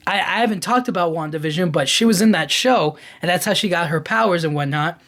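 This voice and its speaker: A man's voice: high voice, brisk. Man ranting casually about a film. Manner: animated, frequent "like" and "you know what I mean". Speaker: podcast host. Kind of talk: casual film-review rant.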